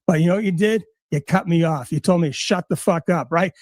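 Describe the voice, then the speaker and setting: Loud, profane middle-aged man ranting. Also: a little high, brisk, no echo, studio quality. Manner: combative, sarcastic, heavy swearing. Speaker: livestream guest.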